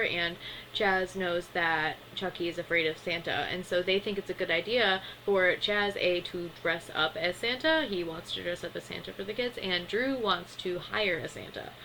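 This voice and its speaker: A woman's voice: lowish voice, bright, forceful tone, slight background noise, low-quality recording. A woman casually recapping a cartoon episode in a chatty way, with lots of filler words. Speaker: cartoon reviewer.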